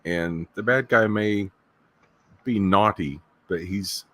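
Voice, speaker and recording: A man's voice: sits low, slow, pushed and bright. A man who lives in Texas, co-hosting a casual podcast chat in an easygoing, joking manner. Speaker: podcast co-host.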